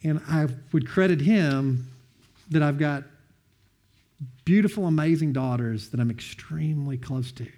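A man sharing a personal testimony, earnest and heartfelt, often quoting others with lively bursts of emphasis. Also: a little high, unhurried, long pauses. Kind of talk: heartfelt storytelling talk.

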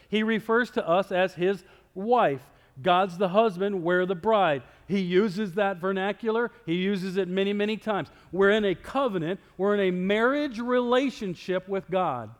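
A man preaching a sermon as pastor, talking conversationally and swinging between loud emphasis and near-whispers. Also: high-pitched, big-room sound. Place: church sanctuary.

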